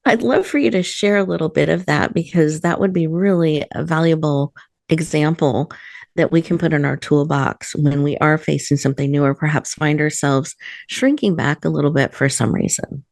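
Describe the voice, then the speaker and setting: A woman's voice: low-pitched, steady tone, moderate pace, creaky, darkish tone, no room sound, studio quality. A woman hosting an interview, affirming her guest and thanking her often. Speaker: podcast host.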